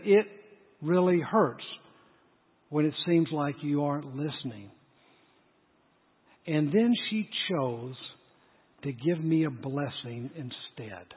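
A man preaching a sermon, telling a story and acting out the dialogue, in an animated way. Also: fairly high pitch, slightly rough. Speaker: pastor. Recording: tinny phone-like sound with long hall reverb.

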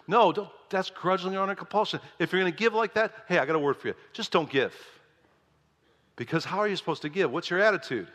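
A male pastor preaching a lively sermon, playful and animated, often jumping to high exclamations, in a church. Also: fast, big-room sound. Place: church sanctuary.

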